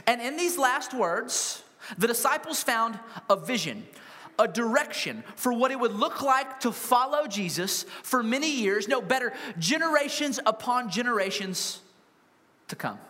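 A man preaching a sermon to a congregation, animated and humorous, full of rhetorical questions. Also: extremely high pitch, a little slow. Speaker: pastor. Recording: long hall reverb.

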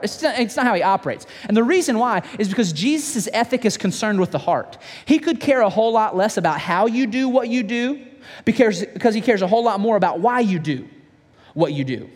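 A man preaching a sermon, dramatically retelling a story, acting out its voices and dropping to hushed whispers. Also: high-pitched, big pitch swings, brisk, long reverb tail. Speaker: pastor.

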